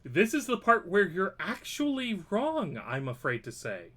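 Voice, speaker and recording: Man, dungeon master, tabletop game narration, high voice, bright, playful, swears, laughs mid-sentence. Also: wildly swooping pitch, unhurried.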